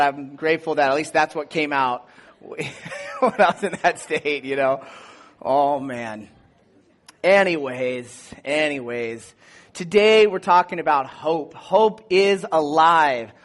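Sounding like a pastor sharing a story with his congregation, this man preaches loosely and conversationally in a high, light voice. He's energetic, full of "like" and "you know," and breaks into a higher shout whenever he plays out a scene.

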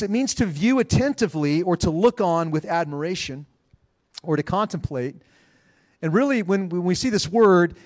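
A man in his pastoral role, preaching a conversational sermon with quick asides in a church sanctuary. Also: on the high side, darkish tone.

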